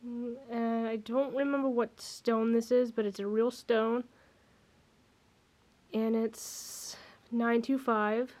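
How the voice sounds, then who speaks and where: A woman's voice: fairly high pitch, flat delivery, slow pace, a little mellow. A young woman in her twenties, out of breath, chatting casually to her camera at home, rambling with many restarts. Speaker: vlogger. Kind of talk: casual vlog chat. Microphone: handheld camera mic.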